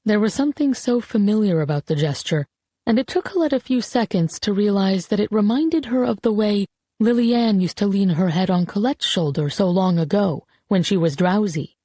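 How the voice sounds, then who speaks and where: A woman reads a novel aloud in an audiobook with a dark, mellow tone. Her storytelling is even and measured. The recording is dry and close. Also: mid-range voice, no echo. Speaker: audiobook narrator. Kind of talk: scripted narration.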